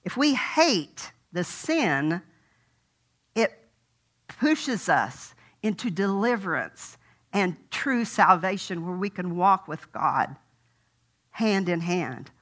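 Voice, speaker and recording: Older woman, sermon, bright tone, folksy storytelling, conversational. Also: on the low side, big pitch swings, slow. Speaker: preacher.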